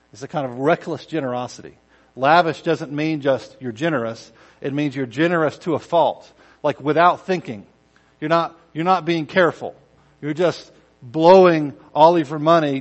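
Animated preacher, quiet to loud. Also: male voice, a little high, low-quality recording. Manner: swings from quiet intensity to loud emphatic bursts; acts out quoted voices in asides. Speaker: pastor. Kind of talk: conversational sermon.

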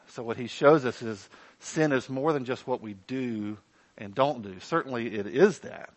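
A man preaching a sermon in an animated, conversational way with playful asides. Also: medium pitch, normal speed, dry recording, rough recording. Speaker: pastor.

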